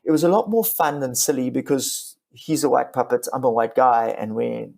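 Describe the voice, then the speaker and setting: Man, middle-aged, gravelly fry, frank and reflective podcast guest. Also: medium pitch, normal speed, a little mellow. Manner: frank, reflective, restarts often. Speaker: comedian and ventriloquist, guest. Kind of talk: candid podcast conversation.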